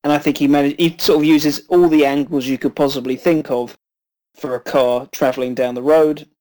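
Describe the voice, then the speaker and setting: A man co-hosting a film podcast, reviewing in a measured, hesitant way with frequent ums. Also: fairly high pitch, steady tone, dark tone, rough recording.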